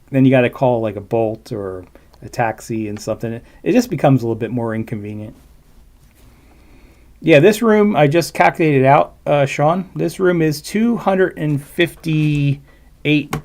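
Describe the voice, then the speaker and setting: A man talks casually to his stream viewers from his computer. His commentary rambles, with fillers and side remarks, at an ordinary middle pitch. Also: lively intonation, unhurried, darkish tone. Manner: rambling, chatty, with fillers and asides. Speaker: livestream host reacting to a video.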